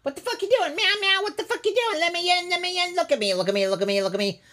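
A man doing a shrill, frantic house cat. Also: animated, racing, pushed and bright, exaggerated voice. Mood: frantic whining. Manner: shrill, insistent, repetitive whining. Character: whiny demanding house cat, frantic and needy.

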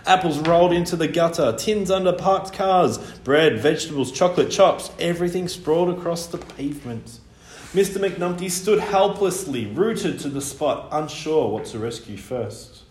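A man reading a children's story aloud, animated, with wide swings in pitch and loudness. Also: normal speed. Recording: echoey room with faint ambience.

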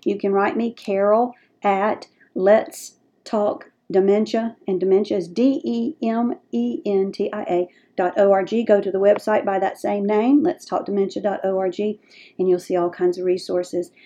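A woman's voice: mid-range voice, steady tone, normal speed, mellow. A middle-aged woman with a Southern US accent gives folksy, direct advice to caregivers as a dementia care educator.

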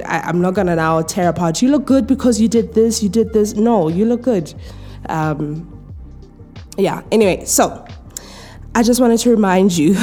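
A woman hosting a casual solo podcast from home, talking in a relaxed, chatty way with many fillers and restarts, her voice tired. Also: lowish voice. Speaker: podcast host. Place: home, in pajamas.

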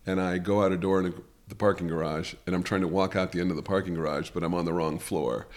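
A man's voice: deep voice, steady tone, fast. A man from New York co-hosting a podcast, telling a story in a rambling, wry way with dry jokes. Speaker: podcast co-host. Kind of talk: casual podcast chat.

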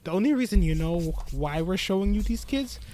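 Brief: high-pitched guy, anime podcast co-host, jokey recap voice. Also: expressive, fairly quick, mellow. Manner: laughing, recaps plot with mock voices. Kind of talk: casual chat.

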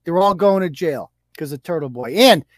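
A blunt, foul-mouthed male host chatting on a livestream, laughing often. His voice sits high. The sound is dry and close with no room echo. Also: lively intonation. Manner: blunt, profane, quick to laugh. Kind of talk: casual livestream chat.

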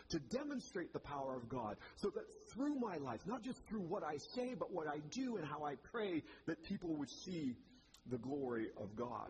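Male pastor, conversational sermon, wry asides, mid-pitched voice, noisy church recording.

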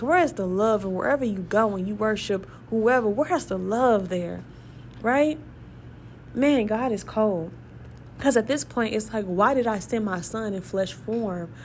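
A woman giving a casual, excitable Bible study talk, emphatic and conversational, who piles up rhetorical questions. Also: medium pitch, a little hiss or hum. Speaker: Bible teacher.

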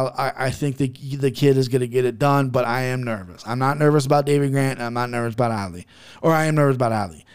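A man hosting his own podcast, talking through his betting picks in a brash, profane, hyped-up way. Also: fairly high pitch. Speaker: podcast host giving fight betting picks. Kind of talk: casual solo podcast talk.

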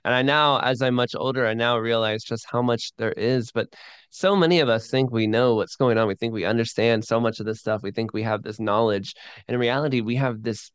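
A man's voice: mid-range voice, a little fast, clean tone, dry recording. Eager man talking about sermons. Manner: eager, animated, with frequent restarts. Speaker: podcast guest and sermon producer. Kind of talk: enthusiastic interview talk.

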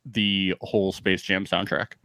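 A young man co-hosting a casual comedy podcast, animated and joking, slipping into mock voices for bits. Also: low-pitched, measured pace, gravelly, dry recording. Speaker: podcast co-host.

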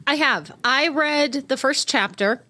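A woman's voice: high-pitched, measured pace, bright, forceful tone, no echo. A woman co-hosting a podcast, chatting with a laugh and then reading fan fiction aloud dramatically. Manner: laughs often, reads aloud expressively. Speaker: podcast co-host. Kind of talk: casual chat and dramatic reading.

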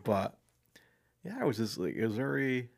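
A man's voice: medium pitch, big pitch swings, normal speed, creaky, slight background noise. A young man co-hosting a casual film podcast, laid-back and drawling, peppering his talk with "like". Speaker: podcast co-host.

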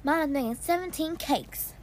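A woman's voice: high-pitched, moderate pace, slight background noise, natural voice. A woman voicing Burke, a friendly, earnest young boy, in a storybook reading.

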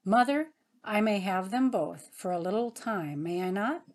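A woman reading the part of a playful, affectionate grown brother, voiced a little higher than her narration. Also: lively intonation, natural voice. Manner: teasing, warm, brisk.

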